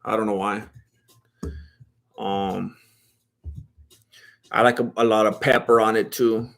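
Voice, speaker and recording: A man's voice: on the low side, flat delivery, slow, creaky, fairly bright tone. A man streaming a fight watch-along, casually chatting and answering viewer questions in a laid-back, slangy way with frequent laughter. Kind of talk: casual livestream chat.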